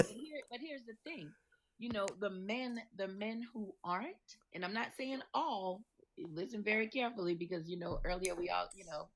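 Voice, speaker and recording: A woman's voice: medium pitch, slight background noise, low-quality recording. A woman on a debate panel, lecturing the others emphatically. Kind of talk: live-stream debate.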